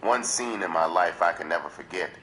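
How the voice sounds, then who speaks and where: A man reads a memoir aloud in a measured, dramatic storytelling manner. His voice is very deep yet carries a bright, tense edge. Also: faint music behind, poor audio. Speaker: livestream reader.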